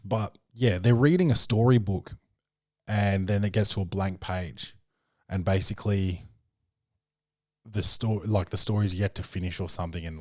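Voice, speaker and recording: A young man with a lowish voice chats loosely and profanely on his own podcast, full of fillers and restarts. He acts out other people's lines with sudden high jumps. The sound is dry and close, with no room around it. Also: a little mellow, dry recording. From Australia. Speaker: podcast host. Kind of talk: casual solo film review chat.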